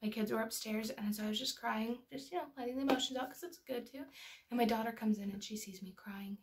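A woman's voice: on the high side, fairly even intonation, quick pace. A young adult woman and parenting educator giving an earnest, personal explanatory talk that is full of anecdotes.

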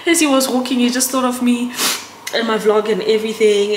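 A woman's voice: medium pitch, normal speed. A young South African woman vlogging casually to camera, chatty and emotional, often turning to her viewers. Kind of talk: casual vlog chat to camera. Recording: echoey room with background noise.

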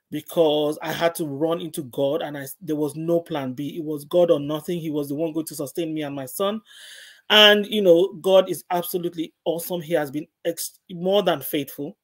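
Earnest woman giving faith testimony. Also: deep voice. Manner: earnest, repeats phrases for emphasis. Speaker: guest.

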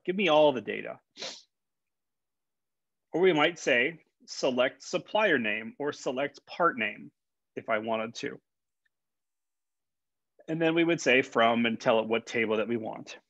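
A man's voice: mid-range voice, fairly bright tone, dry recording. A man, a college instructor, giving a conversational classroom lecture with fillers and repeated words. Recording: dull, dry lecture recording.

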